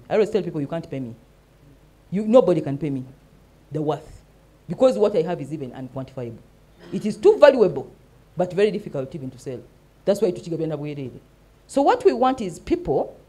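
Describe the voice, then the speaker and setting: Emphatic Ugandan woman, quick and lively. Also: on the low side, breathy edge. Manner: emphatic, mixes English and Luganda, asks "eh?" often. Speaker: host and mentor. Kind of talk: animated talk show monologue.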